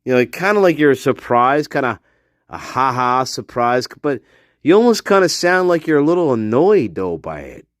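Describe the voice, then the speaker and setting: A man's voice: medium pitch, very animated, moderate pace, no echo, studio quality. A man hosting a livestream, giving crude, mocking commentary and laughing often. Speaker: livestream host.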